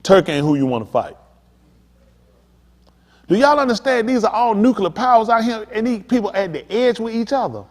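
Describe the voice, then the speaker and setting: Man, pastor, emphatic sermon, fairly high voice, echoing church hall. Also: very animated, moderate pace, pauses often. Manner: emphatic, talks straight to the congregation. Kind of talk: preaching sermon. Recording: long hall reverb.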